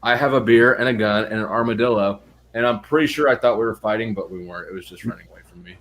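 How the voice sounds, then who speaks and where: A man's voice: on the low side, fast talker, fairly bright tone. A man hosting a casual chat, laid-back and profane with a dry sense of humor. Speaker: host.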